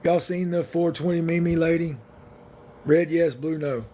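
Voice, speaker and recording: Guy rambling on a live stream, blunt and jokey, kinda high voice, faint room noise behind him. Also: steady tone, moderate pace, warm tone. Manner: blunt, rambling, laid-back and joking. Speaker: livestream host. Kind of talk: casual livestream chat with viewers.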